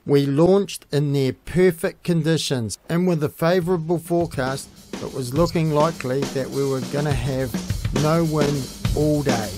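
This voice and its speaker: Higher-voiced New man narrating. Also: normal speed, hardly any pauses, over music. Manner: steady, informative narration. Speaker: fishing show host. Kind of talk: scripted documentary voice-over.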